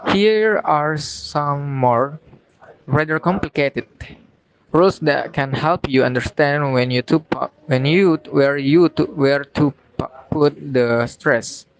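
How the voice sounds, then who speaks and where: A young man with an Indonesian accent, a student giving a recorded class presentation and reading slowly and carefully with pauses between phrases. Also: a little high, clear, resonant tone, poor audio. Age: young adult.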